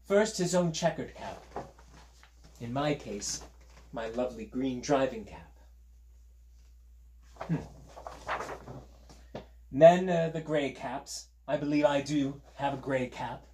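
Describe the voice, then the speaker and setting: A man's voice: mid-range voice, darkish tone, slight background noise. A male teacher reads a children's picture book aloud in a friendly, playful voice. He talks in an easy, chatty way, with light asides to his young listeners. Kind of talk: storytime read-aloud for children.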